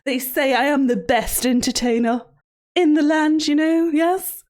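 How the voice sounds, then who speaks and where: A woman's voice: high voice, level tone, measured pace, darkish tone. A woman streamer playing a creepy, sing-song female children's show host who sounds sweet and then swears, in a livestream role-play. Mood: mock-sweet. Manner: sing-song, mock-sweet, sudden profane outbursts.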